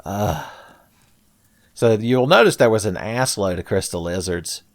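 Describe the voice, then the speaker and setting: A man's voice: fairly low pitch, expressive, unhurried, dry recording. A man narrating a Let's Play, sarcastic and profane, with frequent jokes aimed at his viewers. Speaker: gameplay commentator.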